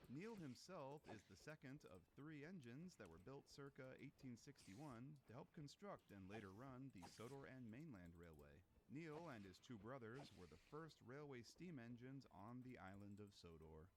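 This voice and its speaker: A man reading scripted narration in an informative, measured way. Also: medium pitch, sing-song, a little hiss or hum.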